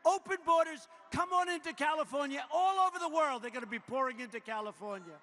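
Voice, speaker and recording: A man's voice: very high-pitched, quick pace, sharp tone. A man in his seventies giving a campaign rally speech in a large indoor arena, boastful and repetitive, riffing off-script into a podium mic. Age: 70s. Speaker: politician addressing a rally. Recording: echoey arena with long reverb, faint noise.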